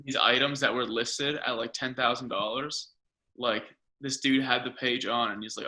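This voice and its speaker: Bright-voiced guy hosting a chatty podcast. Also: medium pitch, moderate pace. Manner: laid-back, swears freely, laughs often. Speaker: podcast host. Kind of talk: casual chat.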